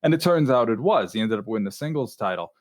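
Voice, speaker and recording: A man co-hosting a podcast, telling stories in a relaxed, chatty way with fillers. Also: fairly low pitch, quick pace, no echo, clean studio sound. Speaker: podcast co-host. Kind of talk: casual chat.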